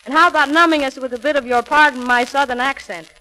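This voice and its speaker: A woman singer trading quick, giggly banter on a 1940s radio variety broadcast. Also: sits high, fairly even intonation, low-quality recording. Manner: bright, giggly, quick lines. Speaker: singer and guest.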